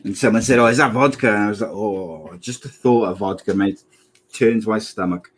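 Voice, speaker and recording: A man's voice: lowish voice, fairly quick, a little hiss or hum. A man in his thirties co-hosting a casual podcast chat, joking and often laughing at his own gags. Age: 30s. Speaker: podcast co-host.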